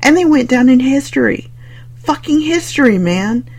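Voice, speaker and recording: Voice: high-pitched, lively intonation, normal speed, vocal fry, darkish tone, breathy edge. An audiobook narrator reading fiction in a wry, conversational manner. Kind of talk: scripted narration.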